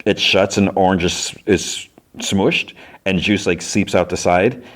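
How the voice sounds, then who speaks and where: A man's voice: deep voice, steady tone, unhurried, fairly bright tone. A man hosting a podcast, casually recapping an episode in a rambling way full of fillers. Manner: rambling, heavy use of "like". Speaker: podcast host.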